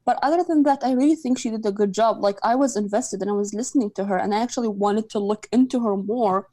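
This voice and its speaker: A woman's voice: medium pitch, quick pace, warm tone. A woman student giving hesitant feedback in class, with many fillers and restarts.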